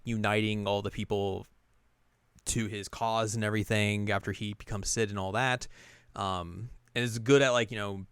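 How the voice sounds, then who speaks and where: A man's voice: lowish voice, a bit bright, clear, resonant tone, no room sound, clean studio sound. A man hosting a casual podcast chat, joking and laughing often, with mock-gloomy asides. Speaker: podcast host.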